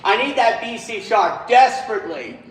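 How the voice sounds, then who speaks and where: A man's voice: sits high, lively intonation, moderate pace. Man leading a choir rehearsal. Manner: counts in and sings phrases to demonstrate. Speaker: choir director. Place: large echoey rehearsal hall. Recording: roomy hall with choir and piano behind. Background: choir singing and instruments.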